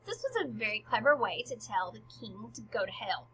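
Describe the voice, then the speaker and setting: A woman's voice: on the high side, big pitch swings, brisk, hardly any pauses, a bit bright, breathy edge. A woman casually explaining a play scene by scene, paraphrasing it in modern slang, often dropping to a near whisper. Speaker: literature explainer. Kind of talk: casual spoken study guide. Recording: dull lo-fi recording.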